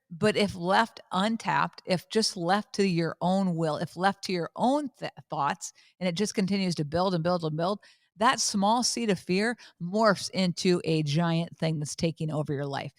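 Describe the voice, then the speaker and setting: A woman in her fifties, a podcast host, talks candidly and with animation. Her voice sits low for a woman. The recording is close and dry, with no room sound. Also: no echo. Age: 50s. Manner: candid, animated storytelling with repetition. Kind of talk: casual faith talk.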